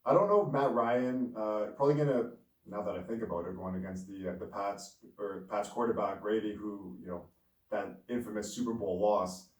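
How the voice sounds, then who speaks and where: A man's voice: on the low side, moderate pace. A man hosting a sports betting podcast, running through his picks in a casual, rambling way with lots of fillers. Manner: rambling, self-amused, filler-heavy. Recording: echoey room, distant from mic.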